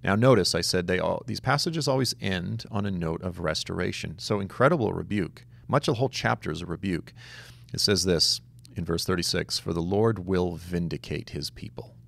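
Gravelly low-voiced male Bible teacher. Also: brisk, no room sound. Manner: animated, emphatic storytelling with casual asides. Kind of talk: conversational Bible study teaching.

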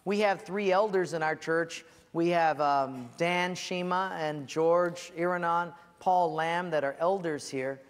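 A man preaching a sermon as a pastor, telling stories with lively acted-out voices and sudden shouts. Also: on the high side, unhurried, hardly any pauses, clear, resonant tone, big-room sound. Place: church.

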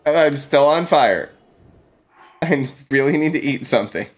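A man's voice: a little high, lively intonation, a little slow, breathy edge, faint music behind. A man streaming a video game live, playful and exclaiming, laughing often and thanking his chat. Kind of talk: live gameplay commentary.

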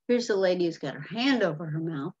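Lady teacher reading a storybook to kids, husky voice, goes up and down a lot, stops to ask questions. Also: on the low side, lively intonation, brisk, a little mellow, highs cut off. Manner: patient, explaining, asking questions. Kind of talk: reading a picture book aloud to children.

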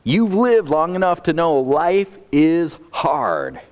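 A man's voice: a little high, very animated, slow pace, a little mellow, big-room sound. A man preaching a sermon as pastor, earnest and often repeating a word as he starts a phrase.

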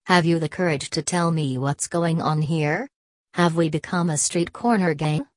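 A woman reading a sarcastic, forceful male leader. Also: on the high side, normal speed, no echo, clean studio sound, close to an everyday voice. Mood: angry. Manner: biting, mocking sarcasm. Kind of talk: audiobook character reading.

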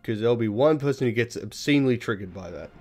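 A man's voice: mid-range voice, expressive, fast, darkish tone, soft background music. Sweary, rambling gaming guy. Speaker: let's play host. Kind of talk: casual gameplay commentary.

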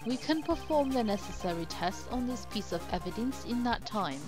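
A woman's voice: a little high, expressive, moderate pace, over music, lightly acted. A woman voicing a composed male prosecutor who pleads politely. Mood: formal.

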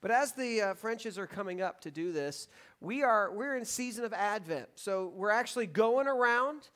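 A man in his thirties with a high, light voice leads worship as pastor. He talks to the congregation in a relaxed, joking way. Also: moderate pace. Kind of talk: sermon. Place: church sanctuary.

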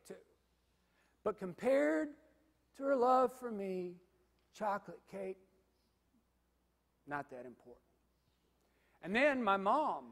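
Male pastor, 50s, high-pitched, dynamic sermon delivery in a reverberant sanctuary. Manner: dynamic preaching, big swings from loud to hushed. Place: church sanctuary.

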